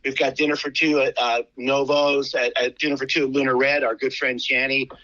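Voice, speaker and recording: A charity founder with an American accent, telling animated stories with many restarts in a radio interview. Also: male voice, mid-range voice, brisk, no echo, dull audio.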